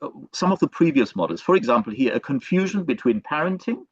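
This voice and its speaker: A man's voice: a little high, lively intonation, quick pace, slightly rough, no echo. A male professor giving an online lecture, hesitant, with many fillers and restarts. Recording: dull, dry lo-fi recording.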